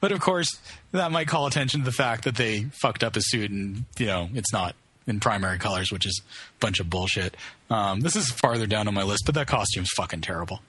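A man holding forth in a casual movie-review conversation, blunt, opinionated and full of swearing. His voice is bright with a husky edge. The sound is dry and close. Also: fairly low pitch, brisk, no room sound. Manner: opinionated, profane ranting.

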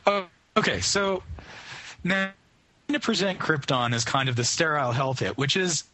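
A man's voice: a little high, expressive, a little fast, sharp tone. A man co-hosting a casual movie-review chat, opinionated and profane in his rants.

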